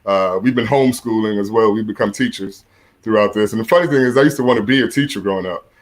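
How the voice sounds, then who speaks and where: Middle-aged male stand-up comic, deep voice, chuckles at his own punchlines, lots of "uh". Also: fast talker. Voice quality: deep voice, often compared to Mufasa. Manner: chuckles at his own jokes, many "uh" fillers. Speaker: stand-up comedian. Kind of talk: stand-up comedy set. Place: seated in a room at home.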